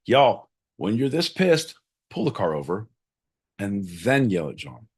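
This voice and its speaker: A man's voice: on the low side, very animated, a little slow, husky. Crude, boisterous podcast host man. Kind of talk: casual podcast chat.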